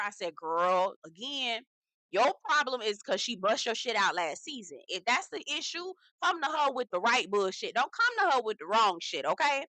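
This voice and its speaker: Lively, sassy woman recapping reality TV. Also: mid-range voice, normal speed, no room sound, rough recording. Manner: chatty, sassy, slangy storyteller acting out quotes. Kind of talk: casual vlog recap.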